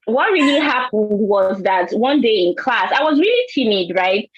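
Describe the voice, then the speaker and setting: A woman's voice: on the high side, big pitch swings, normal speed, breathy edge, no echo, dull audio. A woman from Nigeria with a Nigerian accent, telling an earnest personal story on a panel and often repeating words. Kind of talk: panel discussion.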